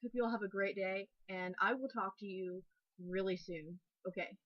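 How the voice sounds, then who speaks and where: A woman's voice: mid-range voice, steady tone, normal speed, no room sound. A young woman giving a casual, rambling spoken review, full of "like" fillers and frustrated ranting. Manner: chatty, frequent "like" fillers, ranting. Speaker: anime reviewer. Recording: dull lo-fi webcam audio, dry.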